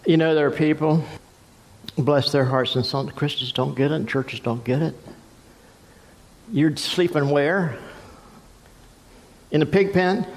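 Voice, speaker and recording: Pastor preaching in a reverberant church. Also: male voice, gravelly. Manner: storytelling, acts out voices with swings in pitch and pace. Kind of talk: sermon. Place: church sanctuary. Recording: long church hall reverb.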